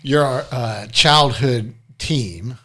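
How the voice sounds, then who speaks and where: A man's voice: mid-range voice, lively intonation, very slow, sharp tone, slightly rough. A man hosting a podcast interview, asking eager questions in a casual chat with plenty of fillers. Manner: eager, with many fillers and restarts. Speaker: podcast host.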